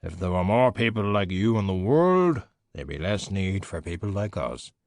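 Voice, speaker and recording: A man voicing an unflappable skeleton detective who speaks with deadpan, dry wit. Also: deep voice, moderate pace, no echo.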